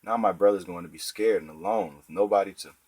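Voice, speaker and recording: A man's voice: low-pitched, fast talker, darkish tone, low-quality recording. A man reading the part of a tough fifth-grade boy who is blunt and pushy. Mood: anxious, pushy.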